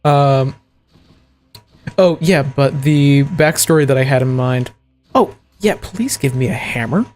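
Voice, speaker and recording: A man's voice: mid-range voice, unhurried, darkish tone. A man from the American South streaming a video game, rambling in a chatty way with frequent laughs and fillers. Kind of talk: casual gameplay chat. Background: faint game music.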